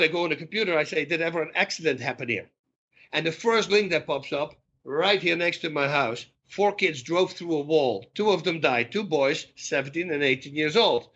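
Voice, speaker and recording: A middle-aged man speaks as a podcast guest with a forceful, bright tone that sits a little high for a man. He tells his stories in an animated way and slips into the voices of the people in them. The recording is dull and lo-fi. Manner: animated storyteller who acts out dialogue. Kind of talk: storytelling interview talk.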